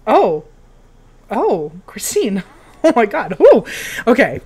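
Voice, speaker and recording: A young woman giving casual, excitable commentary while playing a video game, cheering on her character. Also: on the high side, slow pace, slightly rough. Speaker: game streamer.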